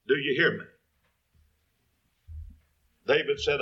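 A man's voice: sits high, sing-song, takes it slowly, long pauses, sharp tone, lo-fi sound. A man preaching a sermon, quoting scripture in King James wording and building to emphatic peaks.

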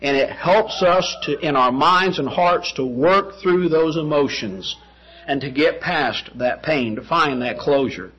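A man's voice: on the high side, measured pace, a bit bright, breathy edge, highs cut off. A man preaching a sermon, emphatic, with rhetorical questions and repeated phrases.

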